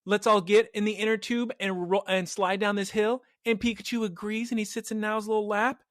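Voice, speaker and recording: A man hosting a podcast, retelling an episode in a lively, animated way in casual chat. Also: high-pitched, a little fast, no room sound, studio quality. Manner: animated storytelling, voices quotes. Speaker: podcast host recapping an episode.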